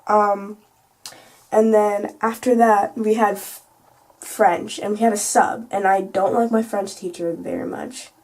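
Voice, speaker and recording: A woman's voice: mid-range voice, level tone, a little slow, a little mellow. A teenage girl telling a casual storytime vlog, chatty and full of "like" and "you know". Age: teens. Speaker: vlogger.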